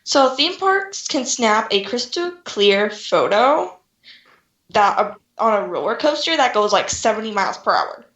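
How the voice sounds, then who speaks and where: A woman's voice: fairly high pitch, very animated, a little slow, fairly bright tone. A young woman hosting a podcast, playful and giggly as she asks questions. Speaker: podcast host. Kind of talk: casual podcast chat. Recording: echoey room, dull lo-fi sound.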